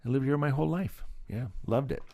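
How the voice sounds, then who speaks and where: A man's voice: mid-range voice, fairly quick, creaky. A middle-aged man from Southern California, a special effects artist, telling stories as an interview guest and acting out the people in them. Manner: animated storyteller, acts out voices, laughs often. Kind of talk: casual storytelling interview.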